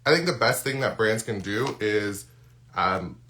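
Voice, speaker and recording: A man's voice: fairly low pitch, lively intonation, measured pace, bright, forceful tone. A man who is losing his voice, chatting casually through a live unboxing with lots of ums and restarts. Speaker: skincare content creator. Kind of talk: live-stream unboxing chat.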